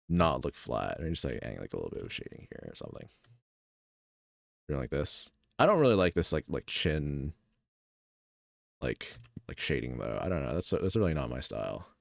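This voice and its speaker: A man chatting casually as a streamer while he draws, rambling with lots of filler words in a deep, gravelly voice. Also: no room sound, studio quality. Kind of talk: casual chat while drawing.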